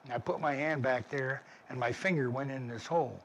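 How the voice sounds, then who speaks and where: A man's voice: mid-range voice, brisk, highs cut off. Older vet guy telling war stories, blunt and vivid, keeps restarting, bit of faint hiss. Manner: vivid, plainspoken, with frequent restarts. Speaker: army veteran interviewee. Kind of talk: war memoir storytelling.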